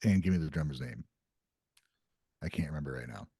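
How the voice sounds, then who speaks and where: A man co-hosting a podcast in casual chat, reading music news items aloud in a relaxed way. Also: a bass voice, a little fast, husky, no echo, clean studio sound. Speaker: podcast co-host.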